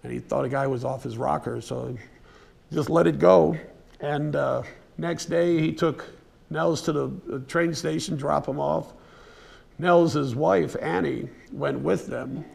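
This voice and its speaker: A man giving a casual, unscripted museum lecture, telling a story in a folksy way with fillers and restarts and now and then clearing his throat. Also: fairly high pitch, measured pace, darkish tone. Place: museum presentation room.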